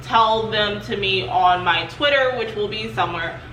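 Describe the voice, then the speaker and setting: A young adult woman runs her own channel and chats in a loose, casual vlog style, with plenty of filler words. Her voice sits at medium pitch and moves at a normal speed, bright and forceful in tone. The recording sounds roomy, as if the mic is distant, with faint noise.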